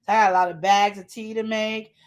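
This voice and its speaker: A woman's voice: mid-range voice, fairly even intonation, quick pace. A woman hosting a casual live show, chatting and teasing as she talks straight to her viewers. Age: adult with a child. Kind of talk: casual live-stream chat.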